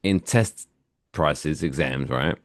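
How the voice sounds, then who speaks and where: An English man in his forties, co-hosting a podcast in casual, profane, animated chat. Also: extremely low pitch, takes it slowly, no room sound, studio quality. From England. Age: 40s. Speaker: podcast co-host.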